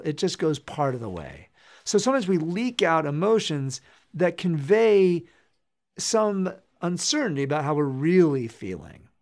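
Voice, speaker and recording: A man giving an explanatory lecture in a measured way, acting out short example lines as he goes. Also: a little high, vocal fry. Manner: measured, acts out quoted examples.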